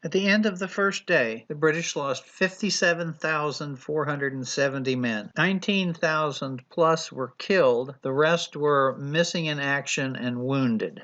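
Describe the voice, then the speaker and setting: A man lecturing a history class in a conversational way, reading numbers off his slides and stopping to correct himself. His voice is fairly high and bright. The recording is muffled and lo-fi. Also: measured pace, hardly any pauses. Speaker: history teacher.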